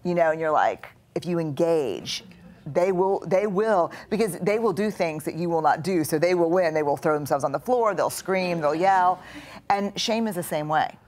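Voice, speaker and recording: A middle-aged woman with a notably low, deep voice speaks earnestly in a live studio conversation. She tells stories and slips into the voices of the thoughts she describes. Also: expressive, normal speed, a little mellow. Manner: earnest, storytelling, acts out inner voices. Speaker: guest author and researcher.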